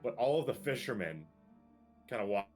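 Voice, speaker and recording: A man's voice: mid-range voice, lively intonation, normal speed, soft background music. A man narrating a tabletop game as game master, in a rambling, loose way.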